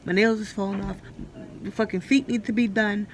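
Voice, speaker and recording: A woman in her late twenties vlogs from a hospital room, candid, blunt and swearing freely. Her medium-pitched voice is fairly even and brisk, with faint hospital noise in the background.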